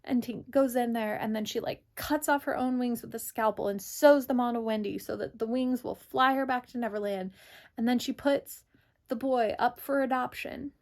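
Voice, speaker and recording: A woman's voice: fairly high pitch, moderate pace. A young woman giving a casual, chatty book review, full of "like" fillers.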